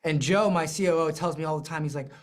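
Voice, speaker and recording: In a fast-paced live lesson, a medium-pitched business coach delivers points emphatically and with animation, leaning on repeated phrases and self-deprecating asides.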